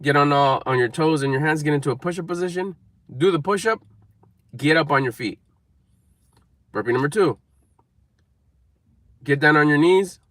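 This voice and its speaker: A man's voice: a little high, normal speed, long pauses, a bit bright, dry recording. A man giving an emphatic, repetitive motivational talk to camera, coaching viewers. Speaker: motivational speaker.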